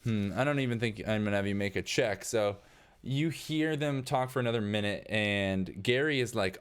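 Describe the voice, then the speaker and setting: A man's voice: lowish voice, brisk, clean tone. A man narrating casually as game master of a tabletop game. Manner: casual, rambling with fillers.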